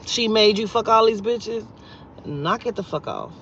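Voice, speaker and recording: A blunt, foul-mouthed woman tells a story straight to her viewers, jumping from loud outbursts to low, muttered asides. Her voice sits at an ordinary middle pitch. The sound is dull and lo-fi, with a faint hum of a vehicle behind her. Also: expressive, a little slow. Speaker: vlogger and spiritual reader.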